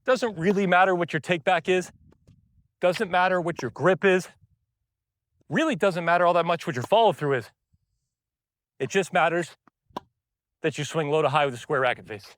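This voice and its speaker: A man's voice: sits high, moderate pace, pauses often, a bit bright, no echo, studio quality. Breathless man coaching tennis mid-rally. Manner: explains while hitting, short bursts between shots. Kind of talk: on-court tennis lesson while rallying. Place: outdoor tennis court.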